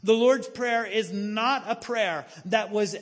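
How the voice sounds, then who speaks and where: Male pastor, higher voice, preaching with rhetorical questions, reverberant church hall. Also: slow, fairly bright tone. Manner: tells a joke story with acted voices. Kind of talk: sermon. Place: church sanctuary.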